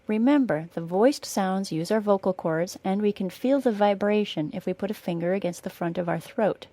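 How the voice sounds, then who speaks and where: This pronunciation podcast lesson comes from a young woman from northern Wisconsin with a General American accent. Her mid-range voice carries a dark tone in a dry recording, and she slows down to model each sound carefully.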